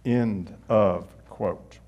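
A middle-aged male pastor preaching a sermon in a conversational way, asking rhetorical questions and dropping suddenly soft. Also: fairly low pitch, drawn-out words, highs cut off.

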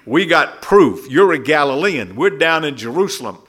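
A man's voice: a little high, sing-song, normal speed, fairly bright tone, slightly rough, heavily acted. A man voicing a triumphant male accuser who points out a suspect during a Bible teaching. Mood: gloating.

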